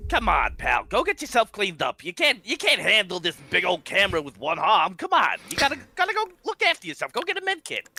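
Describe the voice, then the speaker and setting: Man putting on a brash pally crew guy, high swooping voice, bright tone. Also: wildly swooping pitch, brisk, vocal fry, hardly any pauses, full character voice. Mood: caring. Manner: loud, chummy, swearing.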